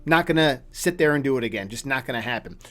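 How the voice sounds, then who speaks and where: A young adult man telling a story to his channel in a casual, animated, self-deprecating way, with frequent restarts. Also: mid-range voice, quick pace. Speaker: gaming channel host. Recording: faint music behind.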